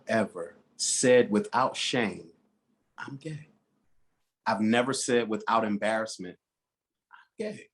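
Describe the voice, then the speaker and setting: A man telling his coming out story as a guest, animated and acting out the voices of his relatives. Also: medium pitch, husky. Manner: animated, acts out quoted relatives. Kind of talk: personal storytelling.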